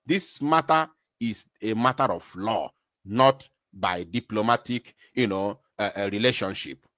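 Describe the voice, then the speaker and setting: A man's voice: fairly low pitch, measured pace, fairly bright tone, dry recording, studio quality. A Nigerian man giving impassioned live commentary, emphatic and full of rhetorical questions.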